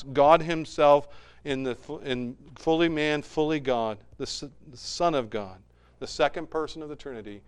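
A man preaching a sermon as pastor, moving from hushed, quiet passages to loud, fervent ones. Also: mid-range voice, smooth.

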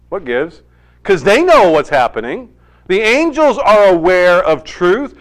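Smooth-voiced male preacher. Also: high-pitched, fairly bright tone. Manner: conversational, emphatic, with joking asides. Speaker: pastor. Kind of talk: sermon.

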